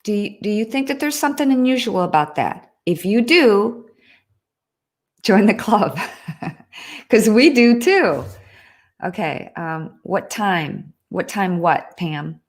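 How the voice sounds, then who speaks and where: A woman's voice: mid-range voice, lively intonation, takes it slowly. A woman hosting a casual livestream, chatting earnestly and reading out viewer comments, often breaking off and restarting. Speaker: livestream host.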